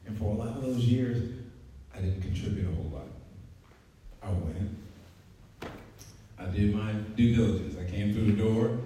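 A man's voice: on the low side, mellow, slight background noise. Man in his 40s preaching, casual and joking, heard from a distance in a very echoey church. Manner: conversational, joking, laughs often. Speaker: preacher and track coach. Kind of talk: sermon. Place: church sanctuary. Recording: echoey hall, mic at a distance.

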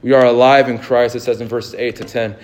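A male pastor delivering a sermon, moving between fervent exhortation and calm storytelling, with frequent fillers and repeated words. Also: medium pitch, a little fast, dull audio. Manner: rising fervor, then a calm storytelling tone.

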